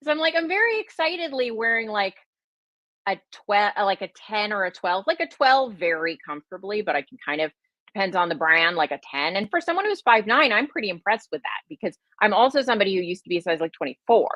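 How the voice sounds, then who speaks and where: A woman's voice: medium pitch, very animated, fast, a bit bright, dry recording. A middle-aged woman, a health and wellness coach, chatting casually on a livestream with a slight Southern American twist, rambling and self-deprecating with many fillers. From United States.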